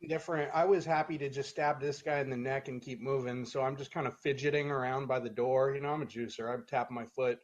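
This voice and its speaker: A man's voice: mid-range voice, level tone, quick pace, few pauses, highs cut off. A man playing a tabletop game over voice chat, crude and joking about his impatient character. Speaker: player.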